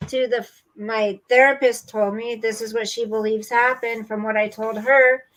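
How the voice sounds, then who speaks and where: Woman chatting on her home livestream, slow and rambly, kinda high bright voice, blunt. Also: rough recording. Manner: blunt, rambling, talks to chat and her pet. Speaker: livestream host. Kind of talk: casual livestream commentary. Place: home room.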